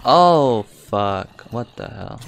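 A man's voice: on the low side, unhurried. A young man narrating his own gameplay, thinking aloud, reacting often with exclamations and swearing. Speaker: gaming YouTuber. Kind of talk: live game commentary.

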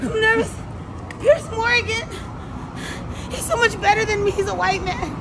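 Shrill manic woman, very high-pitched. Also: fairly even intonation, normal speed, crowd noise. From United States. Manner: loud, shrieky, manic, screaming at times. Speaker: comedian and performer. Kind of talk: nervous backstage rambling. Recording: noisy background.

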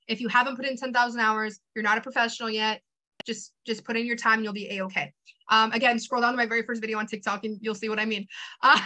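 Bright high-voiced energetic young woman. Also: poor audio. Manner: energetic, chatty, many fillers. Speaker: trainer. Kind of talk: motivational training talk.

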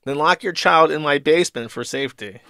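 A man's voice: a little high, brisk, gravelly, pushed and bright, no echo, studio quality. A man voicing an irate old redneck man, reading his indignant lines from a comic.

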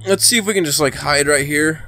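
A man giving casual let's play commentary, excitable and talking to the game character, sometimes breaking into shouts. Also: on the high side, brisk. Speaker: gaming channel host.

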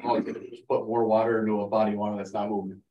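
Brief: low-voiced man, quick and matter-of-fact, dull echoey recording from afar. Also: level tone. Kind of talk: public meeting discussion. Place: town meeting room. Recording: dull, distant, echoey mic.

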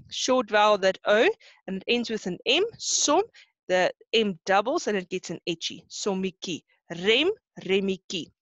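A woman's voice: medium pitch, fairly bright tone, no echo, muffled recording. A South African woman teaching an online class, who explains each rule step by step and keeps checking that students follow. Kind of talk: online lesson.

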